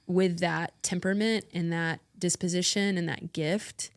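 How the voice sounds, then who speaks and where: A woman co-host with a slightly low voice speaks earnestly in casual talk among friends. She affirms the others warmly, laughs often, and sounds close to the mic in a dry room. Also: steady tone, unhurried, dry recording. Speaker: podcast co-host.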